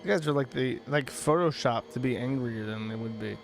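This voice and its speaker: A man's voice: medium pitch, a little fast, creaky, noisy background. A man giving rambling, joking let's-play commentary as he plays a horror game, swearing now and then. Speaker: gaming streamer.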